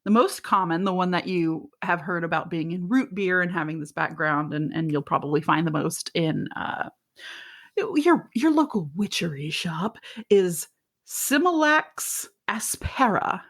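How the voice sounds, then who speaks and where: A woman co-hosting a podcast in casual chat, rambling and giggly, with a fairly deep voice and free swearing. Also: measured pace. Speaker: podcast co-host.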